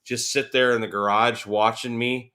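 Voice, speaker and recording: Bright-voiced man telling bike stories. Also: medium pitch, moderate pace. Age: 40s. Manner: animated storyteller, laughing, acts out quotes. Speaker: guest. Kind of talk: casual interview.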